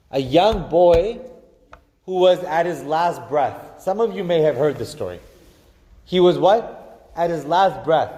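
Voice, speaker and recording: A man giving a Friday sermon, preaching with passion, slowing and swelling for emphasis and chanting Arabic phrases. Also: on the high side, a little mellow. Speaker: imam giving Friday khutbah. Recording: long hall reverb.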